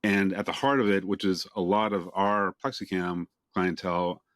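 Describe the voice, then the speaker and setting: A man hosting an interview over a video call from his home office, relaxed, chuckling often and asking long, rambling questions. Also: sits low, normal speed, no room sound, studio quality. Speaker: interviewer, host. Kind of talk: casual interview chat. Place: home office near Boston.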